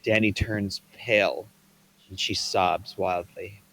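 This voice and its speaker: A man's voice: low voice, fairly even intonation, slow pace, bright, forceful tone. Man reading stage directions. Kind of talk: table read narration.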